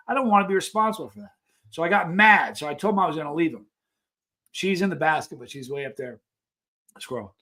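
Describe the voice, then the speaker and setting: A man with a fairly high voice hosts a casual live stream. He rambles through stories and reads viewer messages aloud in an easygoing chat. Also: animated, quick pace, fairly bright tone.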